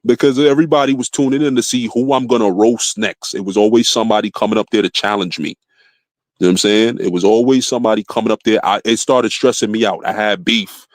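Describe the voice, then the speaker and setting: A laid-back American man hosting his own live stream, rambling through his story in a relaxed way. His voice sits a bit low, and the close microphone gives a dry sound. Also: fast, no echo. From United States. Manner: laid-back, rambling, lots of "you know what I'm saying". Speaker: stream host. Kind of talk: casual chat.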